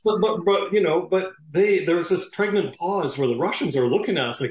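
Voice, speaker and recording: A man, a former police detective, telling an animated story with lots of fillers and laughs. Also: high voice, brisk, few pauses, echoey room, low-quality recording. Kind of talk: conversational storytelling.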